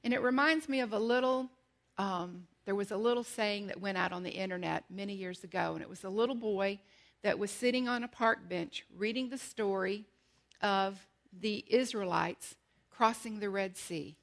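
A woman teaching a Bible lesson in animated storytelling style, slowing down for emphasis and asking rhetorical questions. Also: mid-range voice, vocal fry.

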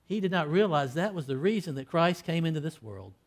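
A male preacher with a slightly raised pitch delivers an impassioned sermon. He climbs to loud, emphatic peaks, then drops to hushed, low endings, and voices quoted scripture in old-fashioned wording. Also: lively intonation, brisk.

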